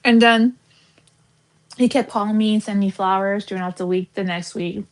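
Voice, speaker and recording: A woman's voice: medium pitch, steady tone, normal speed, rough recording. Woman, 30s, livestream host, casual storytelling, blunt, swears, fillers, cooking while talking. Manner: chatty, blunt, swears freely, many fillers.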